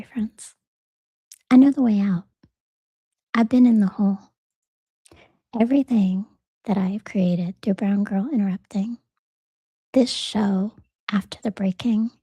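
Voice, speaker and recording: A woman's voice: medium pitch, steady tone, unhurried, pauses often, dark tone, husky, no echo. A woman hosting her own podcast, talking in an earnest, conversational way and telling a story in which she quotes the people in it. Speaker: podcast host. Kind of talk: personal reflective monologue.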